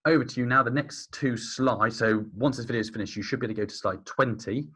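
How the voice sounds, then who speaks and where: A male teacher giving a recorded lesson over slides, thinking aloud as he writes and drawing out key phrases slowly. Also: mid-range voice, bright, forceful tone, husky.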